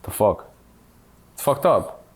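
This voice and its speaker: A man co-hosting a podcast, telling crude, animated stories in casual comedic chat and swearing freely. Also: slow pace. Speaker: podcast co-host.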